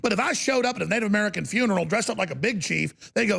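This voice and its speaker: A middle-aged man hosting a combative political talk show, animated and indignant, repeating words as he gets worked up. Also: high voice, rapid-fire, vocal fry, hardly any pauses.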